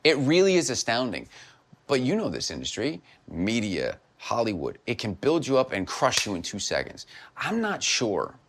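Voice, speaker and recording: A man in his forties, an actor, talking in an earnest, storytelling way. His voice is low but swings widely in pitch as he speaks. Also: fairly bright tone. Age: 40s. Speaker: actor, guest. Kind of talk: casual chat, storytelling.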